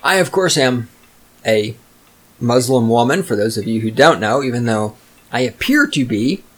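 A man's voice: medium pitch, big pitch swings, normal speed. A man hosting his own show, ranting solo with constant swearing and biting sarcasm. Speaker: podcast host. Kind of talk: profane solo rant.

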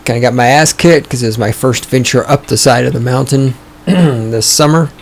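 A man hosting his own podcast, talking in a sarcastic, profane, ranting way, his voice starting to go hoarse. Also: medium pitch, normal speed, slight background noise. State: voice going hoarse. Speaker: podcast host. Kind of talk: casual opinionated podcast monologue. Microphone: studio microphone.

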